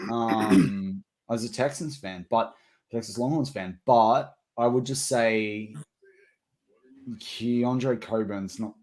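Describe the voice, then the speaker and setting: A man co-hosting a fan watch party stream, chatting casually about football picks with rambling restarts. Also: on the low side. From Australia. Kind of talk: casual draft chat.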